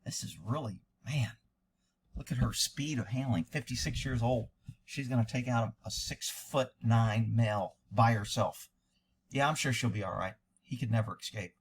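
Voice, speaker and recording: A man's voice: medium pitch, normal speed, slight background noise. A man giving a profane, sarcastic, exasperated running commentary on a video, as a former fugitive hunter.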